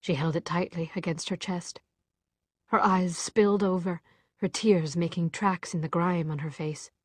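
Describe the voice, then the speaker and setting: A woman narrating a novel in a measured, expressive storytelling voice. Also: fairly low pitch, no echo. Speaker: audiobook narrator. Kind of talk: scripted narration.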